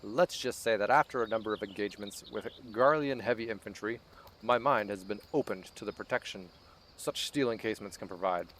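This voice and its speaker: A man's voice: fairly low pitch, brisk, fairly bright tone, slight background noise, lightly acted. A man reading aloud the lines of a wood whaler character in a video game, in a mildly pompous way. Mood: pleased. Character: wood whaler eager for steel plate armor.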